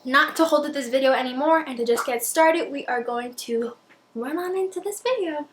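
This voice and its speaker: A woman's voice: high-pitched, normal speed, a little hiss or hum, low-quality recording. Chatty young woman doing a makeup tutorial. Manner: chatty, rambling, self-deprecating. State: out of breath. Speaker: beauty vlogger. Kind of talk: casual makeup tutorial talk-through.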